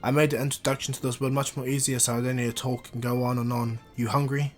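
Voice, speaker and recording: A man voicing a calm, all-powerful alien guardian with a soft, measured, reassuring manner, close to his own voice. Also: medium pitch, close to an everyday voice.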